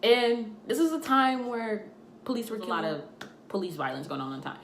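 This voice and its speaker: A young woman telling a storytime tale in a casual, animated way, acting out the voices of the people in it. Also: medium pitch, a little fast. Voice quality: animated, acts out quoted voices. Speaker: storytime vlogger. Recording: echoey room, faint noise.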